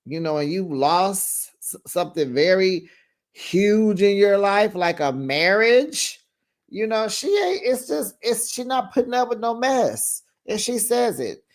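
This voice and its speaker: A reality TV recap host giving casual commentary, talking straight to the cast and acting out their lines. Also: mid-range voice. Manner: animated, talks straight to the show's cast; acts out cast members' lines in quick put-on voices.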